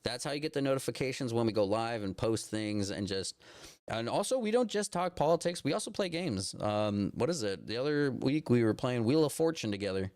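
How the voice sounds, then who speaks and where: A man's voice: medium pitch, lively intonation, a little fast, darkish tone, smooth, no echo, studio quality. A man hosting a casual livestream from his phone, ranting about politics in a rambling way with lots of restarts and frequent swearing. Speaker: live stream host.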